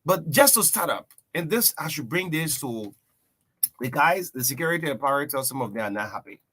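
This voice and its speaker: A male breakfast-show host chats loosely about current events, drifting between points and dropping in "yeah" and "man". His voice sits a little on the high side. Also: animated, brisk, a bit bright. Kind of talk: casual political talk.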